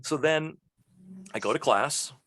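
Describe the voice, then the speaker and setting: A man from Texas, a guest voice actor, telling lively stories in a casual interview and slipping into the voices of people he quotes. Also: fairly high pitch, slow pace. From Texas, USA.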